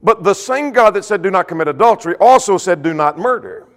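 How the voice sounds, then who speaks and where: A man preaching a sermon, emphatic, swinging between loud stressed points and soft drawn-out phrases. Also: high-pitched, lively intonation, long reverb tail.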